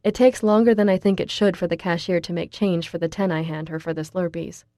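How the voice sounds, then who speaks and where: A woman narrates a first-person audiobook quietly and at a measured pace. Her low, mellow voice has a dark, soft tone and fairly even intonation. The recording is close and completely dry.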